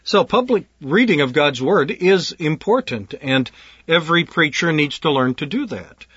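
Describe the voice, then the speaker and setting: Man pastor lecturing on preaching, husky and a bit high, dull lo-fi dry recording. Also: lively intonation, fairly bright tone, dry recording. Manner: earnest, deliberate, repeats words as he gathers thoughts. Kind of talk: instructional talk on preaching.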